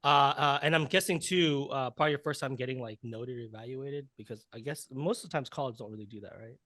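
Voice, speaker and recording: A man's voice: medium pitch, quick pace, fairly bright tone, no echo. A man hosting a podcast interview, asking questions with many hesitant fillers and supportive remarks. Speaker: podcast host. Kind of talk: casual interview.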